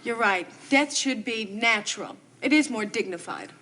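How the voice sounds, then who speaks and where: A high, wry pregnant young woman. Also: expressive, bright, forceful tone. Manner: wry, quick and sardonic. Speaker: soap opera character. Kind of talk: 1970s TV soap opera acting.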